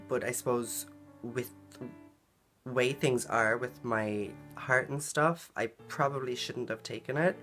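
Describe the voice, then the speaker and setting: A woman's voice: extremely low pitch, a bit bright. A woman vlogging a personal story in a casual, earnest way, full of "like" and "um" fillers. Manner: chatty, filler-heavy, frequent "like" and "um"; earnest and emotional in retelling.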